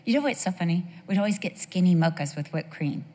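Middle-aged lady preaching, low-ish voice, tells stories and throws questions at the crowd, long hall echo. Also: expressive, fast, warm tone. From United States. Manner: chatty, storytelling, asks the audience questions. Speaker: women's devotional speaker. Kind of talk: sermon with personal stories. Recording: long reverb of a large hall.

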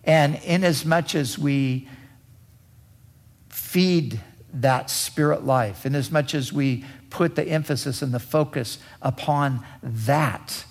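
A man preaching a sermon as pastor, with deliberate emphatic repetition. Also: on the high side.

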